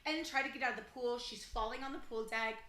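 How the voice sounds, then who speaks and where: A woman's voice: on the high side, fast, bright, forceful tone, reverberant. A young adult woman co-hosting a podcast, telling a story in casual chat and animatedly acting out the people she quotes. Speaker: podcast co-host.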